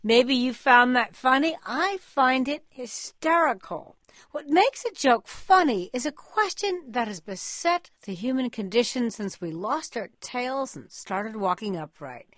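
A woman hosting a public radio interview, asking playful, lively questions. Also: fairly high pitch, unhurried, no room sound, clean studio sound.

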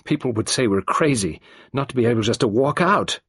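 A man voicing a weary young woman with a deep, hoarse voice in a storybook reading. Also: lively intonation, a bit bright, no echo, studio quality. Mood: bitter. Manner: slow, hopeless.

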